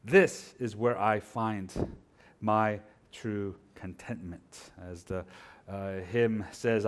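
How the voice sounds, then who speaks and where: Male pastor, middle-aged, storytelling sermon that moves between quiet asides and loud animated peaks. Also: on the low side, very slow.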